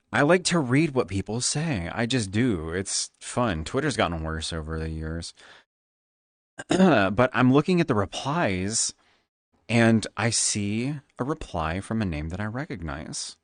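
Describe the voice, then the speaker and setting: A man's voice: fairly low pitch, slow, dry recording. Flamboyant tipsy streamer guy. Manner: flamboyant, animated; Valley Girl lilt. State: tipsy from drinking. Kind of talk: casual stream chat.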